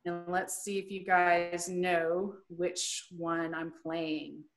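A woman's voice: lowish voice, flat delivery, slow pace. A woman educator giving an online presentation, explaining things plainly and chattily with playful asides.

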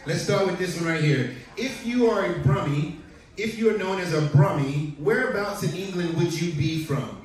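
Cruise director, male, upbeat and joking, fairly high voice, heard far off through a booming hall PA over a lively crowd. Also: normal speed. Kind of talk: live stage hosting with audience trivia. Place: large ship theater stage. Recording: distant, echoey theater PA recording. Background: audience crowd reacting.

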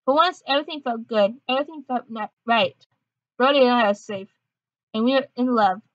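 A woman's voice: a little high, brisk, dry recording. A woman narrating a story game and adding self-mocking asides, on a dull lo-fi recording. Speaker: YouTuber reading a story game.

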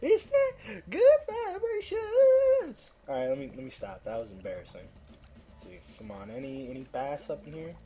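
This let's-play commentator talks quickly, his dark-toned, medium-pitched voice full of lively intonation. He's profane, trash-talking the fish and pleading for a bite, going from coaxing to frustrated.

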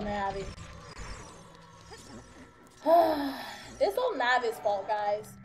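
Young woman gamer, high voice, easily startled, nervous running commentary, game music underneath. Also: animated, extremely slow, long pauses. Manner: jumpy, nervous, gasping and exclaiming. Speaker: let's play gamer. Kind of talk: frightened gameplay commentary.

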